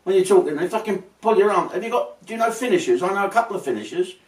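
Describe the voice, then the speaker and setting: A man rambles through a comic monologue, swearing and mock-outraged. His voice sits a touch high and swoops all over. He is recorded from a distance in a roomy space. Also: expressive, rapid-fire. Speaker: host.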